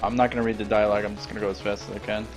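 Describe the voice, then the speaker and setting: A man's voice: on the low side, flat delivery, very fast, over music, low-quality recording. A man casually commenting while playing a retro video game, chatty and talking to himself as he plays. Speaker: gameplay commentator. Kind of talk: casual let's play commentary.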